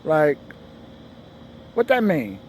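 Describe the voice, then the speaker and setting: A man hosting a comedy show delivers a loose, slangy stand-up monologue, acting out the dialogue of people in his stories in shifting voices and singing a repeated show jingle in a high voice. His pitch swoops wildly, he speaks very slowly, and there is a little hiss or hum.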